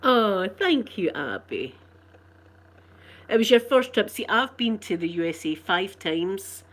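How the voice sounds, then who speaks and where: A woman with a broad Glasgow accent chats casually with her live-stream viewers. She rambles from point to point and breaks into laughter often, at an ordinary pitch for a woman. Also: sing-song, slow. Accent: Scottish, Glasgow.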